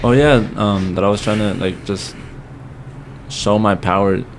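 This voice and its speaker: A man's voice: fairly low pitch, steady tone, unhurried, background noise. A young man talking as a podcast guest, telling a story in casual chat, swearing freely and dropping Spanish phrases into his English.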